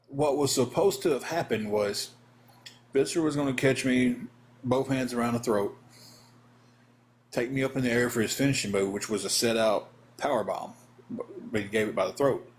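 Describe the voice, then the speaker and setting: Animated former wrestler telling stories. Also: male voice, mid-range voice. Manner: animated storyteller acting out voices. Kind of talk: casual live-stream storytelling.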